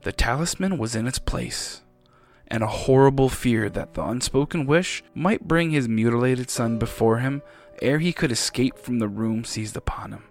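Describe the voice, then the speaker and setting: A man narrating a story in a tense reading. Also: mid-range voice. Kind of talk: audiobook narration.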